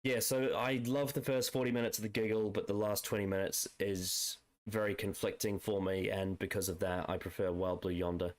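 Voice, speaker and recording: A man with a fairly low voice talks casually on a podcast. He rambles, restarts his sentences and works through his ideas as he goes. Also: steady tone, normal speed, hardly any pauses. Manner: rambling, restarts a lot, analytical. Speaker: podcast co-host. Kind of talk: casual chat.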